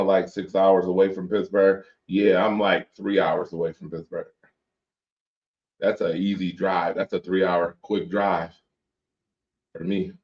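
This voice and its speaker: A man hosts a late-night sports talk show, bantering loosely and reading out viewer comments. His voice sits a little low and comes through dull, lo-fi stream audio. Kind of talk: casual chat with viewers.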